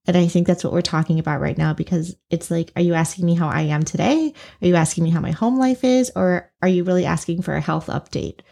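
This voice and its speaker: A woman's voice: lowish voice, fast, gravelly, hardly any pauses, dark tone. A woman hosting a podcast interview, talking in an earnest, emphatic way. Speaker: podcast host. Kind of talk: conversational interview.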